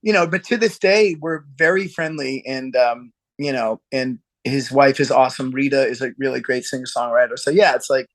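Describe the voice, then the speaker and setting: A man, a musician guest, telling a story in a casual interview, rambling and halting with laughs and acted-out quotes. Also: mid-range voice.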